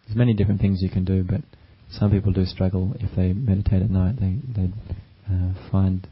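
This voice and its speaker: Low, monotone male meditation teacher. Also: breathy edge. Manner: gentle, unhurried, with many fillers. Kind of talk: dharma talk. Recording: dull lo-fi recording.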